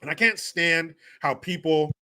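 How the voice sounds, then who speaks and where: A man's voice: on the high side, a little slow, pushed and bright. A man hosting a livestream, chatting casually and reading viewer donations with crude, profane jokes. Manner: crude, joking, profane banter. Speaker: livestream host.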